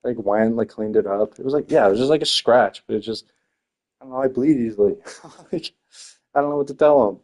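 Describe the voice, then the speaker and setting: A man's voice: medium pitch, a little fast, darkish tone. A young man, a teacher, chatting casually, swearing freely, packing his stories with fillers and laughing often. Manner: loose, profane storytelling with many fillers; frequent laughter. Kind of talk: casual podcast chat.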